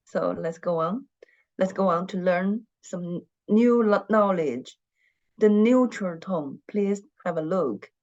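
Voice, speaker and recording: Woman teacher talking real slow and patient, dull lo-fi sound. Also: lowish voice, darkish tone. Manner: slow, patient, repeats words for students to echo. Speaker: Chinese language teacher. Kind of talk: online class lesson.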